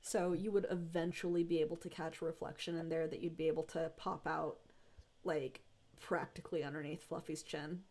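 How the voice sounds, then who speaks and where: A woman narrating a tabletop game as game master, descriptive and unhurried with frequent fillers. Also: low-pitched, steady tone, darkish tone.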